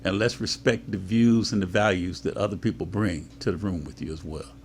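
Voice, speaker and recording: A man's voice: sits low, fairly even intonation, slight background noise. A man hosting a political talk show, moderating guests and closing the program. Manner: measured, thanking guests and urging listeners. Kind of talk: panel discussion moderating.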